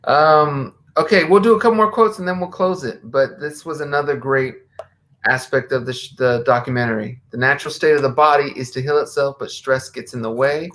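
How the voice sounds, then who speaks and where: A man's voice: medium pitch, brisk, fairly bright tone. American guy hosting a live stream, easygoing chat, reads out quotes. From USA. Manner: conversational, reads quotes aloud. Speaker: host.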